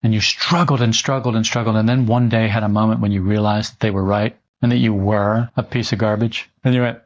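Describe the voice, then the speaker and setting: A man giving a spiritual talk to a group, animated and given to mocking asides in quoted voices, on a dull old recording. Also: lowish voice, a little fast, few pauses. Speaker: spiritual teacher.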